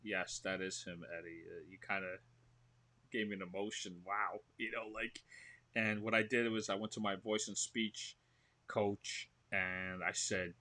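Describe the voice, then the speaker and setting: A man with a New York accent talks in a relaxed podcast interview, his voice bright and cutting. He tells stories with plenty of animation and slips into acting them out as he goes. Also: fairly low pitch, a little slow. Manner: animated storyteller, acts out what he describes. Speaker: guest actor.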